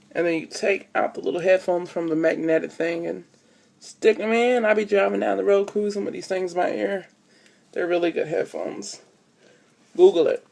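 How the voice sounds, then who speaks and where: A woman's voice: fairly low pitch, gravelly, a little mellow, a little hiss or hum. A young woman vlogging casually into her phone camera, rambling with lots of fillers. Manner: chatty, rambling with many fillers.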